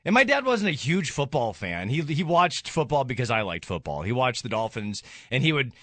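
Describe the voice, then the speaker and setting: A radio host speaks with a grieving, raw honesty, his pitch swinging widely as his feelings shift. The studio sound is close and dry, with no room echo. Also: sing-song, normal speed, bright, forceful tone. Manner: raw, grieving, rises to anger. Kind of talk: emotional radio talk.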